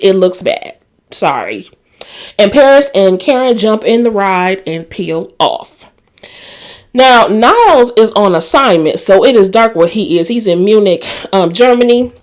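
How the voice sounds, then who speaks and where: A woman's voice: medium pitch, animated, measured pace. A woman hosting a casual recap of a TV drama episode, telling it like gossip with asides to viewers and quoted lines acted out. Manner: chatty storytelling with asides to viewers; laughs and acts out quoted lines. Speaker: TV recap host.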